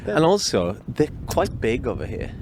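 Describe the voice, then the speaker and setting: A man's voice: mid-range voice, sing-song, moderate pace. A man co-hosting a podcast, chatting casually with dry, teasing interjections, recorded outdoors. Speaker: podcast co-host. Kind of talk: casual chat. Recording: outdoor recording with faint background noise.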